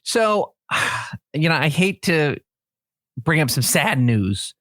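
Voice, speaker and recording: A man's voice: fairly high pitch, very animated, slow pace, bright, forceful tone, no echo, clean studio sound. A man co-hosting a comedy podcast, asking wry, mock-serious questions. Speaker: podcast co-host. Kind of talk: casual comedy chat.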